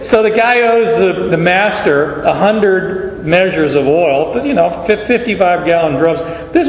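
Male pastor, folksy sermon with stories, slightly high voice, echoey hall. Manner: folksy, anecdotal, animated. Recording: echoey hall, dull sound.

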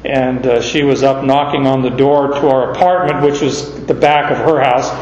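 A man's voice: medium pitch, fairly even intonation, a little mellow, a little hiss or hum. A middle-aged man from Arizona preaching a sermon, telling stories unhurriedly and rising sharply on key words. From Arizona, USA. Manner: unhurried storytelling with sudden emphatic rises. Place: large hall or church. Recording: muffled, echoey hall.

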